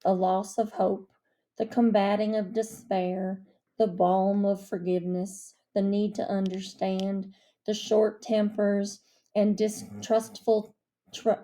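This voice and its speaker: A woman voicing a soft-spoken male minister in a storybook reading, calm and measured. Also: mid-range voice. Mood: reflective.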